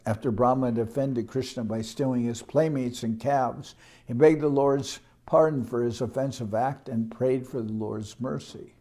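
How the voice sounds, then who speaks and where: A man reading verses slowly and then explaining them in a casual, conversational way. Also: medium pitch, warm tone. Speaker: scripture reader and teacher. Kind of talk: scripture reading with commentary.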